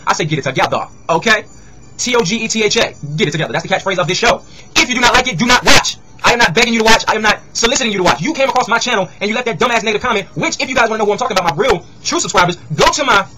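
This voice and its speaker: A man's voice: high-pitched, sharp tone, slight background noise. A man with a New Jersey accent hosting his own video channel, venting at critics in a heated, profane rant that keeps circling back to his catchphrase. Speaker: vlogger host.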